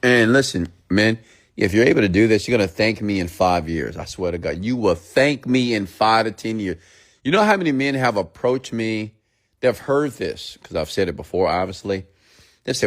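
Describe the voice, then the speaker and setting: Man, very deep voice, blunt lecturing monologue, hushed near-whispered asides. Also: expressive, moderate pace. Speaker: motivational speaker.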